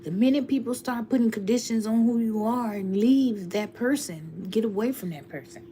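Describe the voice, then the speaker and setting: A woman's voice: on the high side, moderate pace, dark tone, slight background noise. A woman tarot reader speaking heartfelt and emotional on a live stream to her viewers, often laughing.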